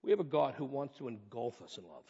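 A man's voice: medium pitch, sing-song, quick pace, warm tone, slightly rough. A man preaching a sermon as pastor, earnest and conversational, rising to impassioned peaks, recorded in a church. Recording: reverberant hall, dull muffled sound.

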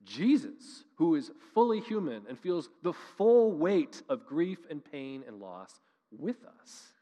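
A man's voice: fairly high pitch, sing-song, takes it slowly, warm tone, in a large hall. A man preaching a sermon as pastor, earnest and conversational, building to emphatic rises.

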